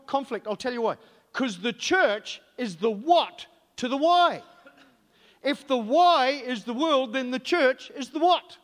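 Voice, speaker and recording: A man's voice: very high-pitched, a bit bright. A man preaching a sermon, emphatic and direct, with rhetorical questions to the congregation. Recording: long hall reverb.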